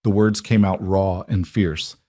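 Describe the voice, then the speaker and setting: A man narrating a scripted romance story in a measured, dramatic way. His voice sits on the low side, and the sound is dry and close. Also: fairly even intonation, mellow, dry recording.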